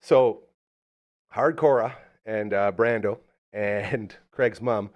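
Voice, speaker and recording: A man's voice: on the low side, drawn-out words. A man, hosting a casual podcast and telling stories with energy. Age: 40s. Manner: animated storyteller, does voices when quoting. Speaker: podcast host. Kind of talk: casual chat.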